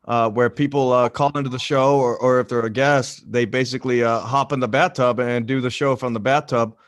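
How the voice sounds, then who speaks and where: A man's voice: mid-range voice, fairly even intonation, fairly quick, no room sound, clean studio sound. A man from the American South hosting a podcast, talking loosely with lots of fillers. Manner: loose, rambling, many fillers. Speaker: podcast host. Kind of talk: casual chat.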